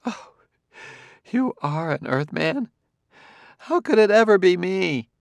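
A man's voice: high voice, big pitch swings, slow, creaky, dry recording, pitched above the performer's own voice, heavily acted. A man reading an audiobook, voicing a plump, scornful woman who taunts and mocks in a raised voice.

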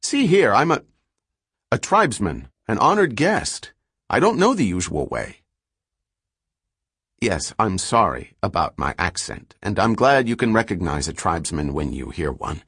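A man's voice: sits low, expressive, moderate pace, few pauses, a bit bright, no echo, studio quality, exaggerated voice. A man playing an earnest, wry male scholar who gets insistent and exasperated, read in an audiobook.

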